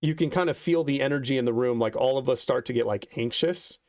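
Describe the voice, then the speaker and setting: A man's voice: medium pitch, fast talker, a little mellow, no room sound, clean studio sound. A young man telling a rambling story in casual vlog style, profane and laid-back, with lots of fillers. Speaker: vlogger.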